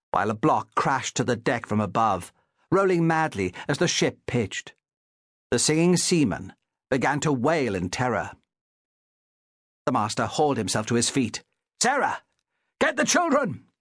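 A man's voice: medium pitch, no echo, clean studio sound. A man reading an audiobook as narrator in a dramatic, vivid storytelling manner. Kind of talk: scripted narration.

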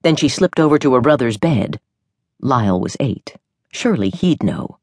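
A woman narrating an audiobook novel in an expressive storytelling manner. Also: rumbling low, moderate pace, breathy edge, dry recording, studio quality.

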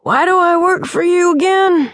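A woman narrator doing a gruff retired male pilot. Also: very high voice, normal speed, no room sound, clean studio sound, voice pushed up. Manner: gruff, curt.

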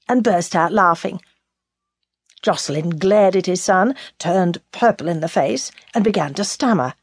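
A woman narrating a novel as an audiobook in a measured, expressive reading. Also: on the low side, gravelly, breathy edge, no room sound, studio quality.

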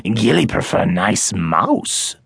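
A man voicing a small, hairy male forest creature who speaks slowly in broken, halting grammar for a storybook. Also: on the low side, very animated, creaky, a bit bright, breathy edge, dry recording, clean studio sound, pitched below the performer's own voice, full character voice. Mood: indignant. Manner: slow, halting, odd grammar.

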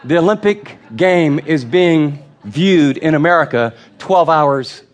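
A man's voice: a little high, lively intonation, slow. A middle-aged male pastor preaching a sermon in a conversational, storytelling way, earnest and direct.

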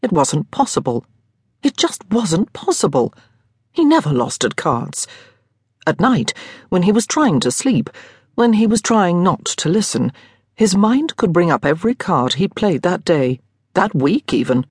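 A woman narrating an audiobook with expressive, lively storytelling. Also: fairly low pitch, unhurried, husky, dry recording, studio quality. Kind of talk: scripted narration.

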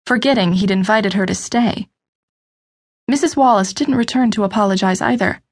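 A woman narrating an unabridged novel audiobook in a steady, measured storytelling voice. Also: mid-range voice. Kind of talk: scripted narration.

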